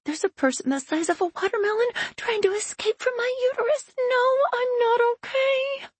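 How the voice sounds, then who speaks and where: Woman doing a pained young woman in labor, high, strained, snapping through her teeth. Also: normal speed, no room sound.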